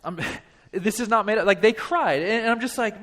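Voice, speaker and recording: A man in his thirties, a pastor telling a funny story in a sermon, animated and self-deprecating. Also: sits high, normal speed. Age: 30s. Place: church.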